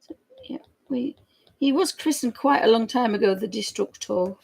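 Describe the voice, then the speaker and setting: Chatty woman with a gravelly voice. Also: a little high, moderate pace, a little mellow. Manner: chatty and giggly, rambling. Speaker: digital artist streamer. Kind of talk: casual chat while drawing live.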